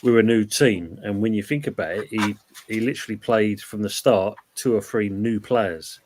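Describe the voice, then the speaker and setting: A fairly low-voiced man hosts a relaxed live-stream chat about football. He talks in a loose, rambling way and stops now and then to read viewer comments aloud. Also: normal speed, a little hiss or hum. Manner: chatty, reads out viewer comments. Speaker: host.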